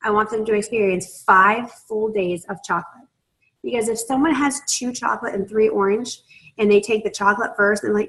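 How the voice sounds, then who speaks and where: A woman's voice: medium pitch, steady tone, normal speed, fairly bright tone, low-quality recording. A woman leading a sales training session, talking in a persuasive, conversational way and often checking in with her listeners. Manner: persuasive, conversational, checks in with "right?" and "you understand?". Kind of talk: training talk to a group.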